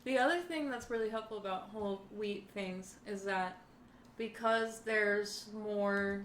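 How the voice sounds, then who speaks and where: A woman's voice: mid-range voice, measured pace. A woman talking frankly and casually as a podcast guest, swearing freely. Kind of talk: casual chat. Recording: roomy with faint background noise.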